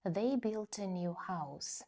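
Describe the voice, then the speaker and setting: A woman teaching an English grammar lesson, explaining slowly and carefully and reading example sentences. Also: medium pitch, expressive, dark tone.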